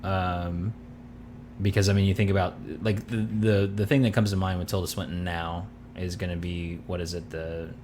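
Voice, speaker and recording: A man's voice: sits low, flat delivery, normal speed, a little mellow, a little hiss or hum. A man co-hosting a podcast, chatting casually and rambling as he searches for names. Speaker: podcast co-host. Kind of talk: casual chat.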